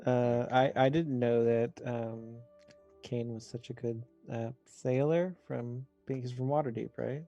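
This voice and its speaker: Mellow, hesitant tabletop player man. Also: medium pitch, steady tone, a little slow, dull audio, soft background music. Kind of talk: casual chat after a game.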